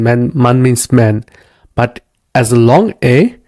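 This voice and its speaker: Slow, patient male language teacher. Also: medium pitch, expressive, darkish tone, dry recording, studio quality. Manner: patient, repeats each word twice with frequent "okay?" checks. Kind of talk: slow step-by-step language lesson.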